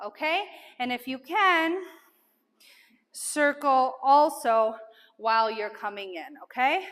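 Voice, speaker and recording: Bright high-voiced woman teaching dance. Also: expressive, unhurried, big-room sound. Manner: chatty and encouraging, counts beats aloud with filler ums. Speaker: dance instructor. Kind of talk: dance lesson, counting out moves.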